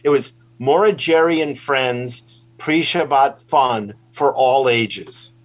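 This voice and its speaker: Rambling rabbi chatting on a call. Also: male voice, medium pitch, takes it slowly. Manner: rambling, self-deprecating. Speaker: rabbi and puppeteer guest. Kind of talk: casual interview chat. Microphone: remote call.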